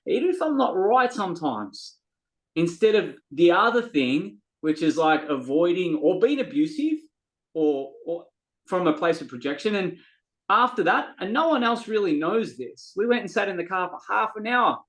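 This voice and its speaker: A man's voice: high voice, very animated, moderate pace, fairly bright tone, poor audio. A man, a guest on a podcast, talking earnestly and from the heart in a casual, story-telling way, sometimes repeating words as he looks for them. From Australia. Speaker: podcast guest, men's coach.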